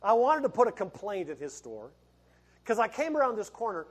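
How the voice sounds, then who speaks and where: A man's voice: high-pitched, very animated, brisk. A middle-aged male pastor preaching a sermon in a folksy, conversational way, laughing and restarting as he talks.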